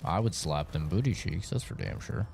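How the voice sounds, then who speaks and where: A man's voice: sits low, animated, normal speed, creaky, background noise. A man streaming a game live, chatting casually and trading crude jokes. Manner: crude joking banter. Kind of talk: casual live-stream chat while playing. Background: game music.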